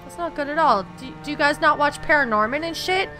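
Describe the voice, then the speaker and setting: A young woman hosting a let's-play, chatty and quick to swear and get upset at the game. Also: sits high, over music. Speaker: gaming channel host. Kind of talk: casual let's-play commentary.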